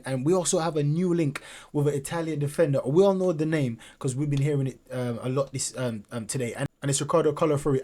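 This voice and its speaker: A man hosting a fan channel, commenting casually and excitedly over highlight clips, often repeating himself and restarting sentences. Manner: excitable, repeats phrases, many restarts and fillers. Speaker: football fan channel host.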